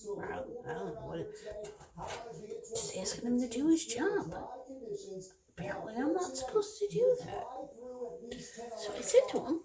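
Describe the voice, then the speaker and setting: A woman's voice: sits high, wildly swooping pitch, moderate pace, pauses often, poor audio. A middle-aged woman working as a construction field manager, telling a story in a blunt, direct way in a casual vlog. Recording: crowd chatter in background.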